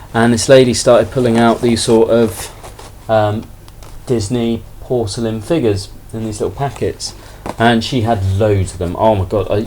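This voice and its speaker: A man with a fairly low voice rambles casually through a haul of collectible toys. He sounds relaxed and self-deprecating, and faint background hiss sits under his voice. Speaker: toy collector vlogger. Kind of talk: casual haul video chat.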